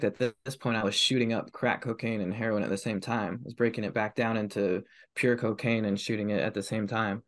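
A man's voice: fairly low pitch, fairly even intonation, brisk, fairly bright tone. A man in his thirties telling his personal story as a podcast guest, candid and confessional, swearing heavily. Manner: heavy swearing, raw and confessional.

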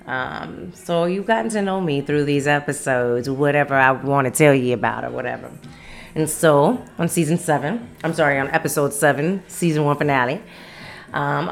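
A woman in her thirties from Las Vegas hosting her own podcast, chatting casually with rambling asides and frequent laughter. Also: low-pitched. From Las Vegas, Nevada. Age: 30s. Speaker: podcast host. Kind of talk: casual solo podcast chat. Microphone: studio mic on camera.

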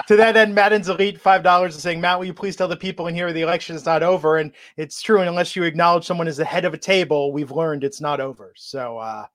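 Male podcast co-host with a high voice, wry, reads viewer messages between quick asides. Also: fairly even intonation, fairly bright tone. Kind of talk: casual podcast chat.

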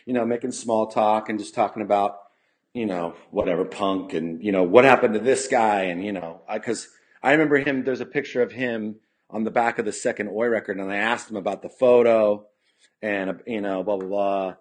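A man's voice: lowish voice, a little fast. Man rambling through a story. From California. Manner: rambling, heavy on "you know" fillers; acts out quoted dialogue. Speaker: podcast guest, punk musician. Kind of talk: casual storytelling. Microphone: podcast studio mic.

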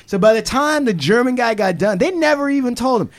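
A man co-hosting a podcast, retelling a true-crime story in a casual, profane, animated way with quick asides. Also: very high-pitched. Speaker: podcast co-host.

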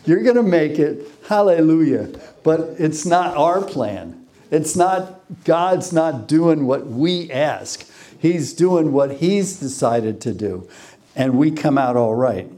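Slow, mellow-voiced male preacher. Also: a little high, lively intonation. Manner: reads scripture aloud and asks the congregation questions; repeats phrases for emphasis. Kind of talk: sermon.

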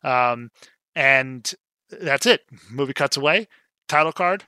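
A man's voice: mid-range voice, animated, slow pace, pushed and bright, clean tone, no room sound. A young man casually recapping a film scene, chatty and rambling with lots of fillers and acted-out quotes. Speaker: film discussion co-host.

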